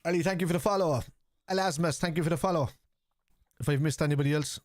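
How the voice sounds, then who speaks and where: A middle-aged Irishman hosts a live football watchalong stream, chatting casually, swearing, reacting to the match and reading out and answering viewers' messages. His voice is fairly high and he talks fast. The sound is clean studio quality with no room sound.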